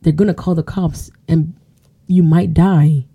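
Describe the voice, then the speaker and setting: A woman co-hosting a casual podcast, talking earnestly and quickly about parenting and acting out what a parent might say. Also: deep voice, steady tone, dark tone, husky. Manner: earnest, fast-talking, acts out a parent's replies. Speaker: podcast co-host.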